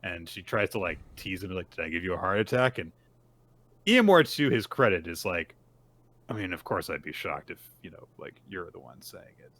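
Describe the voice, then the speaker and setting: Low-voiced man retelling a story. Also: very animated, normal speed, fairly bright tone, breathy edge, no echo. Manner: retells scenes, acting out lines. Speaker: podcast co-host. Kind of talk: casual manga recap chat.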